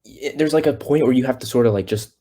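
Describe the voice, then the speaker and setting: A husky, mellow, medium-pitched voice moves at a quick pace as a teenage boy, a singer guesting on a podcast, rambles through his story. It's a casual interview full of fillers and restarts, and he acts out the people he quotes.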